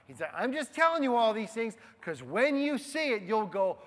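Man, preacher, sermon, high voice, hushed asides and emphatic stresses, long hall echo. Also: very animated, moderate pace, few pauses. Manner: conversational, addresses the men in the room.

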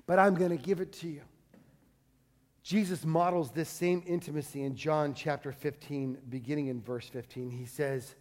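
A middle-aged man preaching a sermon with passion, dropping to a hush for quoted words. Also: high-pitched, big-room sound. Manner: impassioned preaching, dropping to hushed tones for quotes. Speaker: pastor.

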